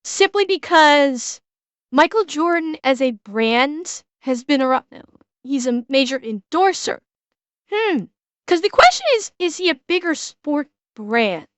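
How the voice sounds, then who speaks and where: A woman's voice: high voice, animated, a little slow, no echo. A woman streamer reacting to a video, ranting bluntly with heavy swearing.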